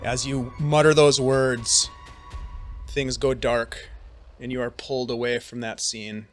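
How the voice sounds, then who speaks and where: A man leads a tabletop role-playing session and paints each scene in slow, descriptive narration. His pitch sits in a mid range. Faint music plays in the background. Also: level tone. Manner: slow, descriptive storytelling with occasional restarts. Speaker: game master.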